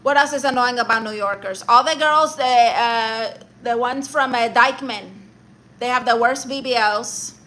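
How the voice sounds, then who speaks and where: A woman's voice: a little high, moderate pace, fairly bright tone. A woman live streaming comedy who rants and roasts her viewers in a brash, sassy, mock-insulting way, with Spanish exclamations thrown in.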